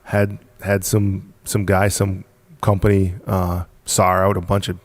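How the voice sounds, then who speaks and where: A man with a low voice talks a little slowly in a completely flat delivery, with no room sound. He's a business founder guesting on a podcast, telling the casual story of how he started his business, with emphasis, repeated words, and frequent laughter.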